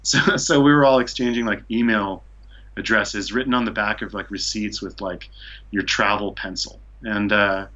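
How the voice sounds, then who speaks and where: A man's voice: lowish voice, fairly even intonation, moderate pace, bright, forceful tone, lo-fi sound. A man from Seattle telling a long travel story as a podcast guest, rambling with lots of "like" and "you know". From Seattle, USA. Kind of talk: casual storytelling.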